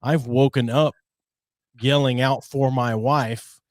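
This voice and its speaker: A middle-aged man co-hosts a podcast and tells his own stories in easy, conversational talk. He often stops and restarts a phrase mid-thought. He speaks at a medium pitch into a dry, close mic. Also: fairly even intonation, dry recording. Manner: storytelling, halting restarts. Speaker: podcast co-host. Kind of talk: casual podcast chat.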